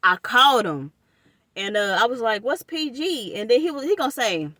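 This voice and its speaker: Animated young woman. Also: on the high side, brisk, no room sound, studio quality. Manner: animated, addresses viewers as y'all. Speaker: vlogger telling a personal story. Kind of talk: casual storytime chat to viewers.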